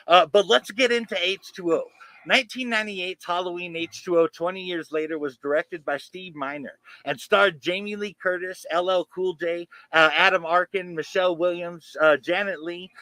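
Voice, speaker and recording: A man hosts a horror podcast, reading off film history from his notes with eager energy. His voice is high for a man and very bright. The recording is dry and close. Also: no echo, low-quality recording. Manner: enthusiastic, informative, runs through facts. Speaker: podcast co-host.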